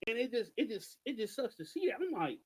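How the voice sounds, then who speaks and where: Podcast co-host, male, high and lively voice, emphatic commentary. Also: a little fast, breathy edge, low-quality recording. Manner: animated, emphatic, rhetorical questions. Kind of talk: passionate political commentary.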